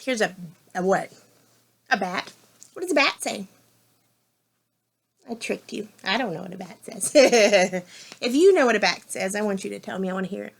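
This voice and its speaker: A woman's voice: a little high, vocal fry, fairly bright tone. A woman reading a picture book to young children, asking them questions and making animal sounds in a sing-song way. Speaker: preschool teacher.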